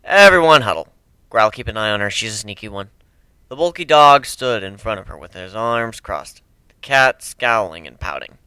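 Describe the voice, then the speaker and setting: A man's voice: lowish voice, animated, moderate pace, pushed and bright, smooth, no room sound. A man reading a story aloud in the first person, brash and crude with a casual swagger. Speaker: amateur reader.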